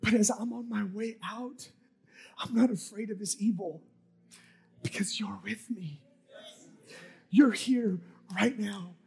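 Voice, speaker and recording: A man preaching a sermon and leading a prayer, fervent and rhythmic, repeating phrases and swinging from soft whispers to shouts. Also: sits high, steady tone, unhurried, vocal fry.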